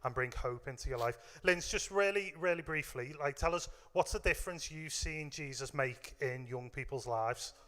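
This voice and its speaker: A man's voice: a little high, normal speed, few pauses, a bit bright, in a large hall. A man hosting a live youth event stream, enthusiastic and encouraging, with short affirmations.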